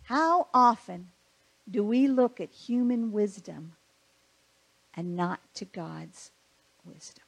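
A woman's voice: medium pitch, animated, takes it slowly, vocal fry, pauses often, slight background noise. A woman preaching a conversational sermon, asking her listeners rhetorical questions.

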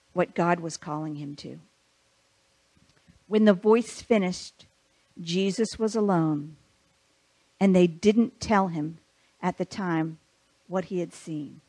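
Slow-spoken woman giving a conversational sermon. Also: fairly low pitch, a little mellow, slightly rough. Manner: conversational, asks rhetorical questions. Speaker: preacher.

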